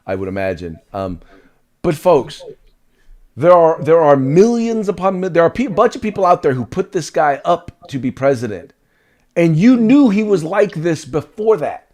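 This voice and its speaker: A man co-hosting a casual political talk show, indignant and animated, often repeating words as he builds a point. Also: a little high, normal speed. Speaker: co-host.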